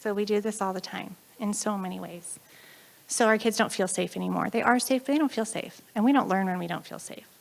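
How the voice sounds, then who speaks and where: A woman with an American accent giving a chatty, animated conference talk, often acting out the voices of the people in her stories. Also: mid-range voice, a little fast, gravelly. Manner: chatty, animated, acts out quoted voices, frequent laughs. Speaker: conference speaker.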